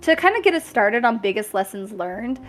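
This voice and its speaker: A woman's voice: a little high, sing-song, brisk, a bit bright, soft background music. A young woman streamer chatting casually, laughing often as she talks. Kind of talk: casual chat.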